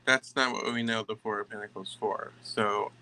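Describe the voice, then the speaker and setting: A man giving a tarot reading to camera, emphatic and halting, often stopping to restart his sentences. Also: fairly low pitch, fairly even intonation, bright, forceful tone, rough recording. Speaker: tarot reader.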